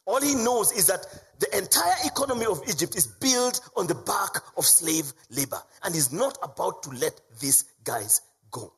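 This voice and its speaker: A man preaching a sermon with a husky, slightly raised voice. His delivery is animated, rising to loud emphasis and dropping to low, hushed lines. The pitch moves widely as he preaches. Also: normal speed, hardly any pauses. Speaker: pastor.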